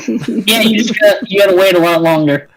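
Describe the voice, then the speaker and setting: A man telling a personal story in a quick, matter-of-fact way during a casual chat. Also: high-pitched, low-quality recording. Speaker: tabletop game player.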